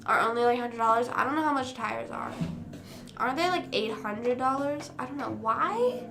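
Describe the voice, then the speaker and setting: A woman's voice: a little high, expressive, moderate pace. A woman in her early twenties hosting a casual late-night livestream. She rambles through stories full of fillers. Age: early 20s. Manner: rambling, filler-heavy storytelling. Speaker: livestream host.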